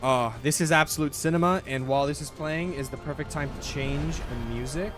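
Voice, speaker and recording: Over music, a young man with a somewhat high voice talks briskly while streaming a game. His casual commentary rambles along with plenty of swearing, restarted sentences, and "bro".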